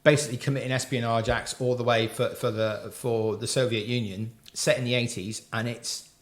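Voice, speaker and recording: A podcast co-host chats casually in a steady, mid-range voice at a fairly quick clip, recapping plot details at length. The recording has a roomy echo.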